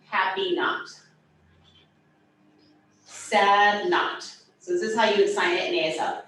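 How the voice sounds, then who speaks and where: A woman teaching a sign language class, explaining each sign slowly with playful asides. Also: medium pitch. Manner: slow, animated, playful explanations. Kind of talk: teaching a hybrid class, demonstrating signs. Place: classroom, in person and over video call. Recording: roomy echo, far from the mic, faint room noise.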